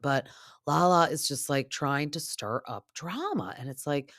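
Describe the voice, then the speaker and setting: A woman's voice: deep voice, animated, unhurried, fairly bright tone, no room sound, clean studio sound. A young adult woman hosting a podcast, chatting casually and opinionatedly about reality TV, with lots of "like" fillers. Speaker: podcast host. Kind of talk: casual reality TV recap chat.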